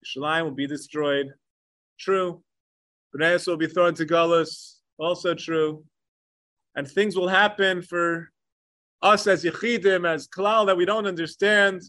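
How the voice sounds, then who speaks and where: A man teaching a Torah lecture with passion, mixing Hebrew learning terms into English and swinging between emphatic peaks and hushed asides. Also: high-pitched, steady tone, a little slow, no echo, studio quality. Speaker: rabbi. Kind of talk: Torah lecture on the Tisha B'Av kinos.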